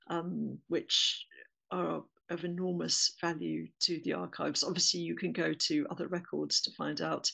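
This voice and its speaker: A woman's voice: low-pitched, creaky, a bit bright, breathy edge, low-quality recording. A woman with an English accent giving a webinar talk on oral history, conversational with frequent fillers and restarts.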